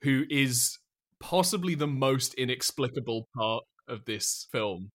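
A man's voice: medium pitch, expressive, measured pace, a bit bright. A man co-hosting a podcast in casual chat, joking and often laughing as he talks. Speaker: podcast co-host.

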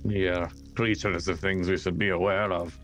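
A man's voice: low voice, level tone, normal speed, fairly bright tone, faint music behind. A man playing a blunt adventurer who answers in short, curt lines.

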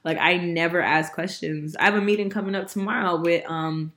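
A young woman chats as a podcast host, her voice sitting a touch low. She tells her stories in an animated, casual way, laughing often and swearing freely. She sounds a little sick, over a faint hiss. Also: a little fast. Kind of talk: casual chat.

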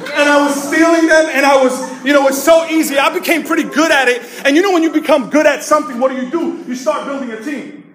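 Music plays behind an extremely high-pitched male pastor who speaks quickly with fairly even intonation. In a very echoey hall, he tells funny stories in a playful sermon, joking and calling out to the congregation.

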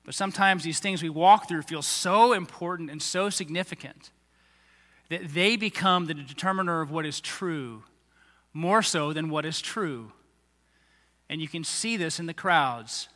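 A pastor preaching a sermon, animated and acting out the lines of people in the story he tells. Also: on the high side, unhurried. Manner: animated, acts out quoted voices of the crowds and leaders. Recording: long hall reverb.

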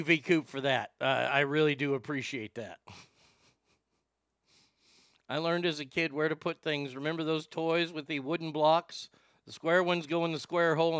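Male streamer, crude comic rant, high gravelly voice, dry close sound. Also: fairly bright tone, no echo. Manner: incredulous, profane, stammering restarts. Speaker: live stream host. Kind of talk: crude comedic rant to chat.

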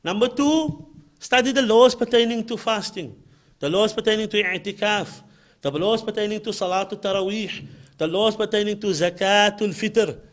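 Cape town guy giving a religious talk, high voice, hammers points home by repeating them. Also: normal speed. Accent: Cape Town South African. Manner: emphatic, repeats key points. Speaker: Islamic lecturer. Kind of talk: religious lecture.

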